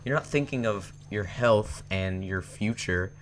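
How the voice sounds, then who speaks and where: A man's voice: fairly low pitch, unhurried, a little hiss or hum. A young man telling a personal story in a rambling, casual way, with many fillers and restarts. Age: young adult. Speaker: vlogger.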